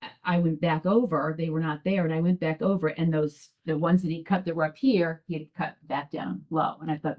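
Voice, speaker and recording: A woman with a low, steady voice speaks at a normal speed, testifying publicly as a resident before a town commission in a town meeting room. Her story comes out hesitant and rambling, full of restarts. The recording has the dull, lo-fi sound of a public access broadcast.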